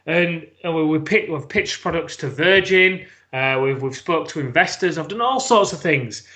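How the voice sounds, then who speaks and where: Frank British man, fairly high voice. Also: expressive, normal speed, pushed and bright. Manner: frank, swears freely, acts out his own past words. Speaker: podcast guest. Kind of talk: candid personal storytelling.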